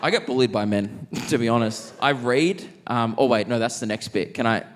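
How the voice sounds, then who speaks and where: A man's voice: medium pitch, wildly swooping pitch, normal speed. A young Australian man doing stand-up comedy in a theatre, rambling and self-mocking as he laughs at his own jokes. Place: large theatre on stage.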